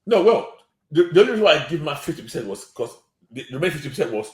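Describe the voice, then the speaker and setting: A man's voice: a little high, big pitch swings, a little mellow. A man with a Nigerian accent, co-hosting a casual podcast chat, often repeating words and hedging as he reviews an episode. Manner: hesitant, repeats words, quick to agree. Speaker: podcast co-host. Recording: roomy echo.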